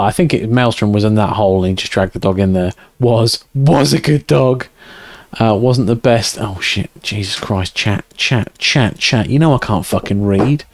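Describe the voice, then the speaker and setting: Male streamer, slow-paced, rambling, sweary, giggly. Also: mid-range voice, no echo, clean studio sound. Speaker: game streamer. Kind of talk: casual live-stream chat.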